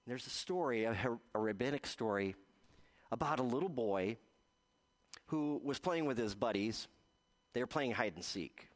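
A man preaching a gentle baptism sermon as pastor, telling stories with slow, drawn-out pauses. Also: medium pitch, animated.

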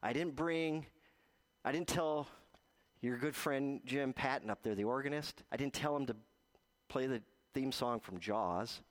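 A man preaching a gentle baptism sermon as pastor, telling stories with slow, drawn-out pauses. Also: medium pitch.

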